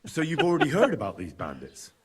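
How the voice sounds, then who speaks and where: An actor playing a polite young traveler asking questions in a video game. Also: male voice, mid-range voice, huge pitch swings, fast talker, slight background noise. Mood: inquiring. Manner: polite, inquisitive.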